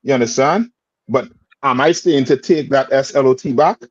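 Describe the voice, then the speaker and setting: A man's voice: mid-range voice, normal speed, no echo. A man teaching a scripture class in plain street talk, quizzing his student with repeated "you understand?" checks. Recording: dull lo-fi sound.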